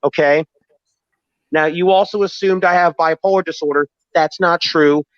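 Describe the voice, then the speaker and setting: A man on a live stream who answers every jab defensively and says the same line again and again as he explains how he feels. His voice sits a little high. The sound is dry and dull, like low-fi stream audio. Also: steady tone, normal speed, no echo. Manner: defensive, repeats himself, explains his feelings. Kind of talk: heated live-stream argument.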